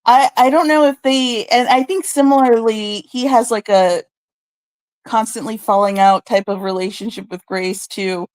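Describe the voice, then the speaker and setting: A woman's voice: a little high, fairly even intonation, normal speed, a little mellow. Agreeable woman from the US South. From Southern United States. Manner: agreeable and hesitant, often says yeah and I don't know. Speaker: panel guest. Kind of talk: casual gossip chat.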